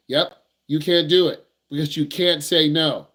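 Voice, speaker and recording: A man's voice: on the high side, fairly even intonation, unhurried, fairly bright tone. A man working as a driving instructor, giving blunt, repetitive, slangy advice to young drivers in a casual teaching talk.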